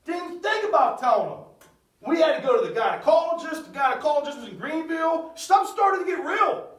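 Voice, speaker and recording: A middle-aged man giving a spoken testimony, swinging from loud outbursts to hushed, almost whispered storytelling. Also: very high voice, sing-song, brisk, echoey room, recorded from a distance, poor audio. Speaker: speaker sharing a personal testimony. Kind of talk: testimony talk.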